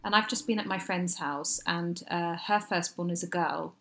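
A woman, chatting casually as a podcast co-host and telling lively stories about family life. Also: lowish voice, moderate pace. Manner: chatty, animated storytelling with quoted voices. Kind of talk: casual chat.

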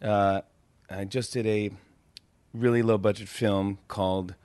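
A man as a podcast guest, spinning stories in a lively way, often breaking into laughter. His voice sits a little low, and the close studio mic keeps it dry. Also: a little slow, smooth, no room sound. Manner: animated, laughs while telling stories. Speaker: guest, comedian and TV host. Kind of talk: casual storytelling interview.

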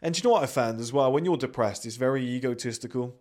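A man's voice: mid-range voice, fast, a little mellow. A young man hosting a podcast, giving a blunt, sweary motivational monologue. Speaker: podcast host.

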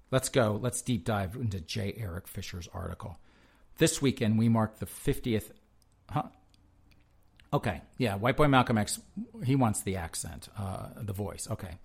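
Gravelly low-voiced male commentary host. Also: normal speed. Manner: sarcastic, rambling with fillers. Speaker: show host. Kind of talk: casual commentary reading articles.

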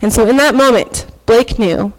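A woman's voice: a little high, normal speed, rough recording. A woman in her thirties giving an earnest, emotional personal faith testimony on a church stage, with hesitant fillers. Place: church stage before an audience.

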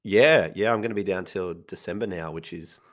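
A man with a husky voice, chatting casually as a podcast co-host and laughing often. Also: deep voice, brisk, fairly bright tone. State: husky voice from illness.

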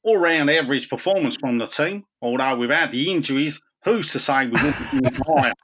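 A man's voice: medium pitch, brisk, fairly bright tone, natural voice. A man reading a fan message aloud in a jokey mock Australian accent.

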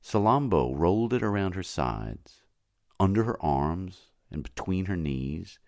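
A male audiobook narrator reads a literary novel in a very deep voice with a gravelly fry. His delivery is slow, measured and often hushed, and the sound is close and dry. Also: lively intonation, no echo.

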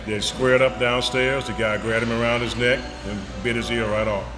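A man's voice: medium pitch, level tone, normal speed, over music, rough recording. A man working as a nightclub head of security, telling stories casually and acting out dialogue in raised voices. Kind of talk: casual storytelling in an interview. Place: busy restaurant. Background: crowd chatter.

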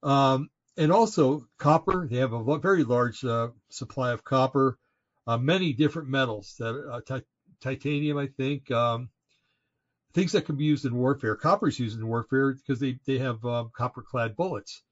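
A man's voice: mid-range voice, moderate pace. Indignant rambling man, lo-fi audio. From Oregon, United States. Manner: rambling, indignant, many restarts and fillers. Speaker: podcast co-host. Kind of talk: casual political chat. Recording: slightly dull lo-fi audio.

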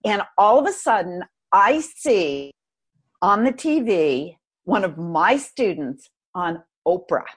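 Podcast guest: a woman with a husky, breathy voice, lively and expressive as she tells a story, pitch in the middle range. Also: takes it slowly. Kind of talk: personal storytelling in conversation.

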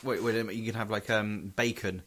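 A man's voice: fairly low pitch, fairly even intonation, fast talker, fairly bright tone. A man co-hosting a podcast, chatting casually with dry, crude humour. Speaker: podcast co-host. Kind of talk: casual chat.

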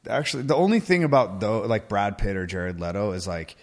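Talking a little fast in a lowish voice, this podcast co-host keeps things casual and loose, frequently cursing and breaking into laughter.

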